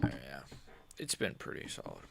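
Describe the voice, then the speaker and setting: A man giving casual live-stream commentary as an MMA YouTuber, rambling and excitable, often restarting his sentences. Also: extremely low pitch, normal speed, creaky, background noise.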